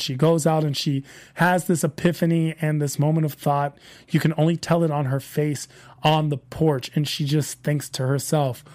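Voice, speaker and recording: A man's voice: on the high side, a little mellow. A man hosting a TV review show, recapping episodes in a casual, rambling way that repeats phrases as he retells scenes.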